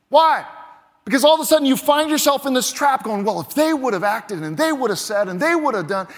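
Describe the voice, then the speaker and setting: A pastor with a higher-pitched voice delivers a sermon from the pulpit, the long reverb of a large church hall carrying his words. He leans hard into key words, then drops to a hush, swinging between loud punches and quiet moments so each point lands insistently.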